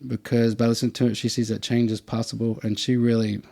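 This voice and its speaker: A man, hosting a podcast and telling stories in a casual, animated way, putting on higher voices for the people he quotes. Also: fast, gravelly. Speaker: podcast host. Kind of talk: casual storytelling chat.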